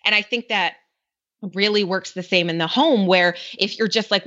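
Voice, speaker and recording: A woman's voice: medium pitch, normal speed, sharp tone. A woman in her thirties, a podcast guest in casual conversation, chatty with many fillers and frequent laughs. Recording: dull lo-fi sound.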